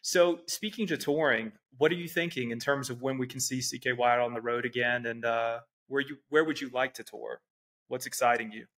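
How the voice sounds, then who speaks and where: A man's voice: mid-range voice, steady tone, a little fast, a bit bright. A man hosting a podcast, asking polite, structured interview questions. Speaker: podcast host.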